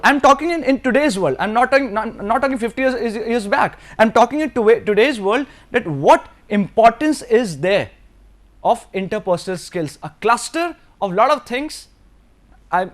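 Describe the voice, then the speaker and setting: A man from Delhi lectures in Indian English, his voice sitting high for a man. He speaks earnestly and straight to his students, circling back over his points and sometimes dropping into Hindi mid-sentence. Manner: earnest, repetitive, addresses students directly, slips into Hindi. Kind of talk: recorded course lecture.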